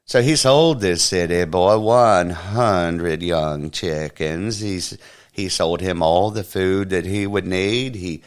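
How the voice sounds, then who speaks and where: A man hosting a comedy show, telling a long joke in a slow, rambling, folksy way. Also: deep voice, clean tone. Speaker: comedy podcast host. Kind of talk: joke storytelling.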